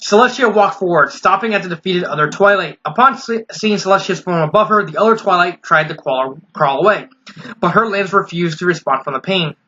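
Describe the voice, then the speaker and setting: A man's voice: high-pitched, brisk, bright, forceful tone, highs cut off. A young man casually reading fan fiction aloud, stumbling now and then and adding wry asides. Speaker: fanfiction reader.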